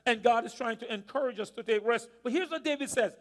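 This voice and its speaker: A man's voice: extremely high pitch, fast talker, long reverb tail. A male pastor preaching a sermon, asking the congregation to answer and repeat lines back. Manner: preaching with call-and-response questions to the congregation. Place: church sanctuary.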